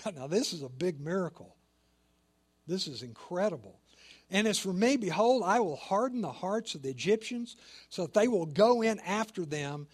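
A man with a high voice preaches a sermon. He reads scripture aloud, then explains it in plain talk, with lively joking asides between the verses. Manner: animated storytelling with joking asides and laughs. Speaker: pastor.

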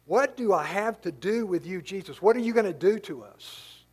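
Cornered demons begging not to be punished, read by a man, high voice, pleading questions. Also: lively intonation, normal speed, darkish tone, breathy edge. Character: frightened male demons pleading for mercy.

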